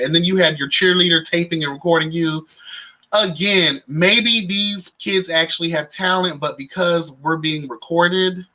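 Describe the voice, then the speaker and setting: A young man hosts a live reality show recap, delivering sassy, campy commentary loaded with slang and exclamations. His voice is a little high, and the audio quality is poor.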